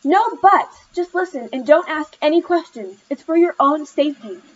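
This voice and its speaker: An overprotective storybook mother, nervous and strict, played by a woman narrator. She talks high and insistent. The sound is a little muffled and lo-fi. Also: lively intonation, fairly quick. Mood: sharp. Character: anxious, strict, protective mother. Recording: slightly muffled lo-fi recording.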